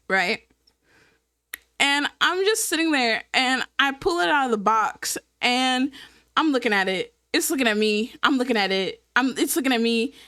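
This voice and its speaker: Woman vlogger with a brightish high voice and a dry, close sound, animated and swearing, laughing through her story. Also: dry recording. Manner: animated, profane, laughs often, keeps checking in with the viewer. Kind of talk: casual storytelling to camera.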